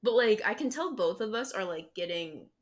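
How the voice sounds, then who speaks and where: A young woman in her twenties hosts an interview in a medium-pitched, animated voice at a moderate pace. She's a warm listener who keeps saying "mm-hmm," laughs along, and chats casually with lots of fillers in this podcast conversation.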